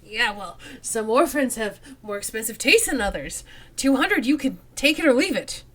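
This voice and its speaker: A woman's voice: a little high, sing-song, normal speed, a bit bright. A woman voicing a sly, corrupt male police officer in a role-playing game, speaking in a slick, streetwise way. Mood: wheedling. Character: sleazy male cop fishing for bribes, sly.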